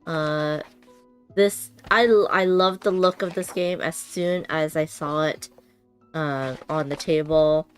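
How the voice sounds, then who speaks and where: A woman's voice: low-pitched, fairly even intonation, takes it slowly, smooth, soft background music. A woman chatting casually and giggling as she unboxes a board game on a stream, thinking aloud as she goes.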